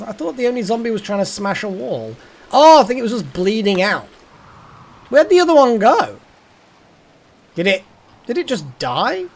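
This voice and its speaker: Lively, muttering game streamer. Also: medium pitch. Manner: thinks aloud, mutters and swears at the game. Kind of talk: live gameplay commentary.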